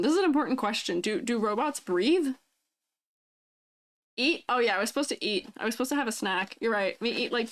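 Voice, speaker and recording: Playful young woman streamer. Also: on the high side. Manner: playful, laughs often, reads chat aloud. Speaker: vtuber streamer. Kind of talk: casual live-stream chat.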